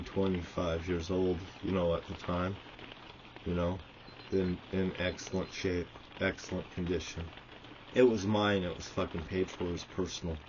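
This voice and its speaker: Speaking low with a slightly mellow quality, this vlogger delivers a furious tirade to the camera, cursing constantly. The audio is dull and lo-fi, with a bit of background noise.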